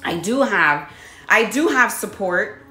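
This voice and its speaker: Animated woman telling a spiritual story. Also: takes it slowly. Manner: animated storytelling, laughs often, acts out her own reactions in a high voice. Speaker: body contouring business owner. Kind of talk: casual spiritual vlog talk. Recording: echoey room with faint music.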